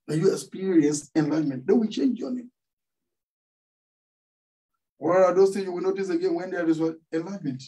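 A middle-aged pastor from Nigeria, with a Nigerian accent, preaches to his church and prompts the congregation to finish his sentences in call-and-response fashion. His voice is high and mellow, brisk yet broken by long pauses. He is recorded somewhat away from the mic.

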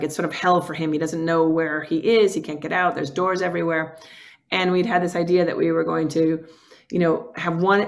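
An earnest woman guest recounts personal stories in a candid, conversational way. Her talk is loose and full of "like" fillers. The sound comes from a video call. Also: on the low side. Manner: earnest, emotional, many "like" fillers. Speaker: documentary filmmaker guest.

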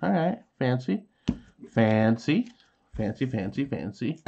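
A man's voice: mid-range voice, sing-song, slow, vocal fry, lo-fi sound, noisy background. A man in his thirties casually chatting while opening trading card packs, reading card names aloud and making sound effects. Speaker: card unboxing host.

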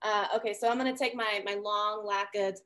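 A woman's voice: medium pitch, steady tone, fairly quick, a bit bright. A woman playing in a tabletop game, describing her character's actions casually and hesitantly. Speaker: player.

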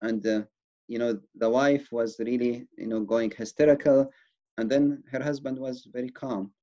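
A man's voice: mid-range voice, steady tone, normal speed, warm tone. A man giving an earnest, reassuring educational talk on wellness. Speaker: wellness presenter. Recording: dull lo-fi recording.

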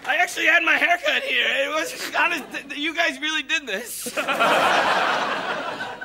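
An American man doing a stand-up comedy set with a raspy, strained high voice, stammering and breaking into manic yells. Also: unhurried, a loud crowd. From United States. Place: TV studio stage before a live audience. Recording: live TV studio with loud audience. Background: loud audience laughter and noise.

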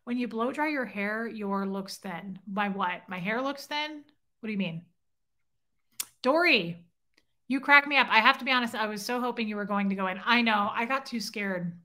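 A woman's voice: a little high, moderate pace, sharp tone. A woman hosting a casual livestream, chatting with viewers and reading their comments aloud, self-deprecating and teasing. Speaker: livestream host. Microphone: phone.

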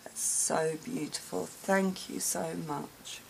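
A low-voiced woman with a gravelly edge speaks slowly and softly in a casual vlog, gasping and gushing as she opens gifts. Paper crinkles, and noticeable noise sits behind her voice. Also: steady tone, low-quality recording. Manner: soft, slow and gushing, many gasps and sighs. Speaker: craft vlogger opening gifts.

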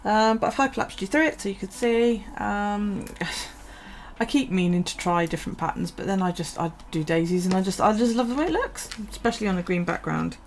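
A woman's voice: mid-range voice, lively intonation, a little fast, a little hiss or hum. A woman from the UK, chatting casually in her vlog, tired and yawning, rambling with many ums and restarts. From United Kingdom. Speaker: vlogger. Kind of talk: casual chat over a journaling video.

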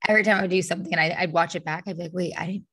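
A woman's voice: lowish voice, fairly even intonation, racing, fairly bright tone, husky, no echo. A woman in her thirties hosting a podcast, chatty and enthusiastic, with lots of fillers. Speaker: podcast host. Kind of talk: casual podcast conversation.

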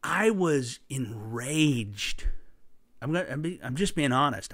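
A man preaching a sermon through a personal story, impassioned and emphatic, with sudden loud bursts. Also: mid-range voice, sing-song, unhurried, dry recording, studio quality.

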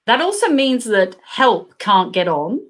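Woman author from Australia, animated storyteller, laughs often, on a video call. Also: fairly high pitch, measured pace. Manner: acts out quoted voices. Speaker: crime thriller author. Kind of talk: live video chat interview.

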